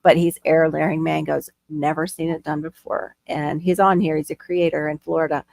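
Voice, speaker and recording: Gravelly low-voiced woman, chatty host. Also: little pitch movement, a little mellow, no echo. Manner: chatty, gardening talk, quick gasps. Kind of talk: casual chat.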